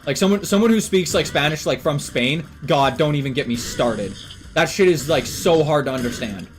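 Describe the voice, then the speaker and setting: A man's voice: on the high side, animated, moderate pace, faint music behind. A young man from Canada chatting casually on a stream, rambling with lots of fillers and swearing. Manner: rambling, filler-heavy and profane. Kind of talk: casual chat.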